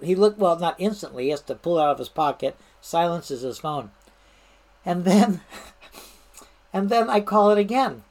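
A middle-aged woman who spent her career in the fire service tells old stories in a loose, chatty way. She sounds amused, breaking into laughter and restarting her sentences often. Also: on the low side. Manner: lively and amused, laughs while telling, many restarts. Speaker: retired fire service manager telling stories. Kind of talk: casual anecdotal storytelling.

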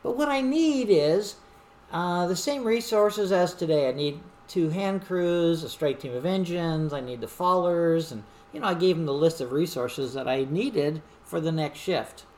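A middle-aged woman, a wildland fire supervisor, telling a story from a fire camp in a lively, animated way. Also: fairly low pitch, a little slow, slight background noise. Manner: animated storyteller who acts out shouted quotes. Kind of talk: storytelling monologue.

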